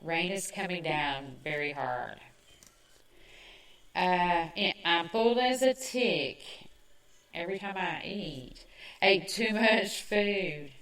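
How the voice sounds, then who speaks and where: A Southern woman with a lowish voice talks slowly and chattily, making fun of herself as she goes. She sounds a bit far from the mic in an echoey room. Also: animated, a bit bright. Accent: Southern American. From American South. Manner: chatty, self-mocking, quick asides. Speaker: podcast host. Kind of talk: casual chat.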